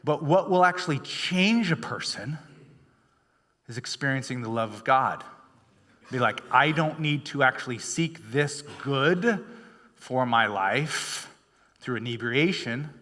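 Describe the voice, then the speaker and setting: A male pastor with a mid-range, sharp-toned voice preaches a sermon in a church sanctuary. His style is chatty and story-driven, packed with fillers and restarts, and long hall reverb surrounds him.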